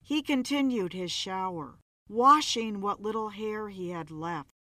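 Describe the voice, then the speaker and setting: A woman narrating a story in a measured, dramatic reading. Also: medium pitch, pushed and bright, no echo.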